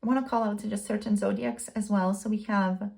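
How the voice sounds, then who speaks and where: Soft gravelly-voiced woman tarot reader. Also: medium pitch, steady tone. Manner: halting, hesitant, soft-spoken, many fillers. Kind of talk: channeled love tarot reading.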